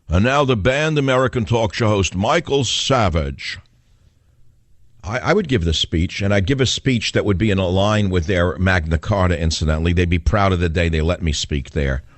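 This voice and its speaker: A man's voice: sits low, dry recording. A man with a New York accent hosting a talk radio show, delivering a combative, sarcastic monologue full of rhetorical questions.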